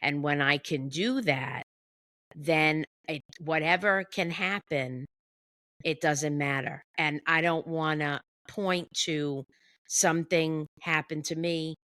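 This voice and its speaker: A woman, an executive behavior coach, talking about her work in a podcast interview, halting often with pauses and fillers. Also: sits low, fairly bright tone, no room sound.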